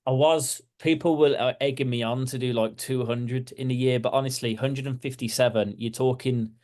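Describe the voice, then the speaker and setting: A man's voice: medium pitch, fairly even intonation, normal speed, a little mellow. Chatty man with a Brummie accent. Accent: Birmingham English. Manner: chatty, many restarts and "like" fillers. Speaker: guest, architecture practice owner. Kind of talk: casual interview chat.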